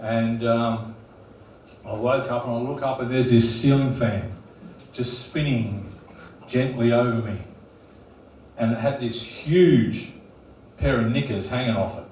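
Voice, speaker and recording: A man in his fifties with an Australian accent, doing a crude, deadpan stand-up routine. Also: mid-range voice, unhurried, long pauses, slight background noise. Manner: blokey, crude, deadpan delivery. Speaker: stand-up comedian. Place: comedy club stage with live audience. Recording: roomy club sound from a distance.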